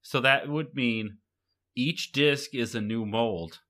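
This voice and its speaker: A man's voice: mid-range voice, slow pace, bright, forceful tone. A young man co-hosting a casual podcast chat, rambling and correcting himself as he goes. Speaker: podcast co-host.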